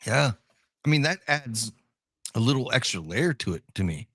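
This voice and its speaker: A man's voice: mid-range voice, very animated, moderate pace, a bit bright, slightly rough, dry recording, studio quality. A man from Ohio co-hosting a podcast in casual chat, joking, laughing often and repeating his words. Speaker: podcast co-host.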